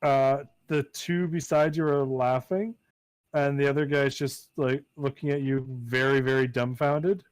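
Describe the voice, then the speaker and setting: A man narrating a tabletop game as game master, in playful, halting narration with many fillers. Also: medium pitch, steady tone, clear, resonant tone, dry recording.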